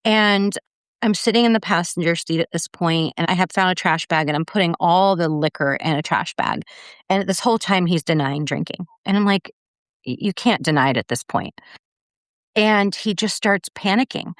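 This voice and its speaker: A middle-aged woman recounts a personal story on a podcast, slipping in the words people said. Her voice sits low with a smooth, clear tone. The sound is close and dry, with no room around it. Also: moderate pace, no echo. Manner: earnest, retelling events with quoted dialogue. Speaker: podcast guest, mother.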